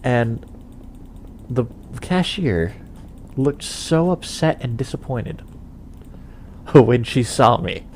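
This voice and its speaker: A man's voice: mid-range voice, very animated, extremely slow, long pauses, darkish tone, slight background noise. A young man chatting casually while playing a game, rambling with chuckles and lots of fillers. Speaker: gaming channel host.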